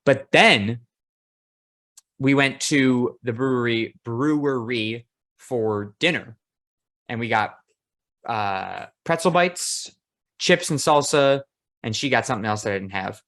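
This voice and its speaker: Male podcast host, relaxed casual chat, easygoing, casual swearing. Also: mid-range voice, takes it slowly, pauses often.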